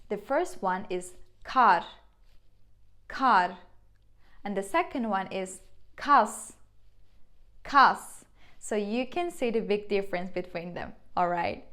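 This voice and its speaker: A young woman with a Turkish accent teaching a beginner language lesson, saying each word slowly and repeating it twice. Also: on the high side.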